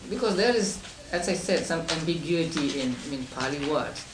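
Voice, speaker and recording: A man leading a study class on meditation texts, explaining slowly and step by step with frequent restarts and soft chuckles. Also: fairly high pitch, expressive. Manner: chuckles between points. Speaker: Buddhist meditation teacher. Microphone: distant room mic. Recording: roomy distant amateur recording with hiss.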